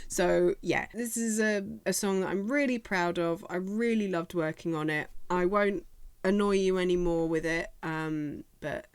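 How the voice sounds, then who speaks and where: A woman's voice: lowish voice, a little slow, smooth, dry recording. A British woman talking to camera in a casual vlog, chatty and self-deprecating, slipping into little quoted voices. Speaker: YouTuber.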